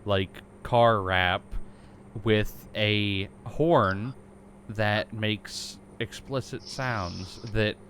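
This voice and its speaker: A man's voice: on the low side, very slow, a bit bright, a little hiss or hum. Crude-joking young man on a podcast. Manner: crude joking, hesitant with many fillers. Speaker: podcast co-host. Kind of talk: casual chat.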